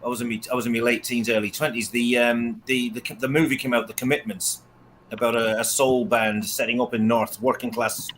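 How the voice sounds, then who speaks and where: A man's voice: medium pitch, a little fast, slight background noise, low-quality recording. A man in his forties from England, hosting a casual political discussion and slipping into mocking impressions. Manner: animated, slips into mocking impressions.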